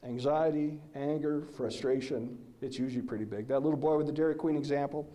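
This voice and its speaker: A middle-aged man giving a presentation, telling animated stories and posing questions to the audience. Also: on the high side, a little fast. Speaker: lecturer. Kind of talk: conference presentation.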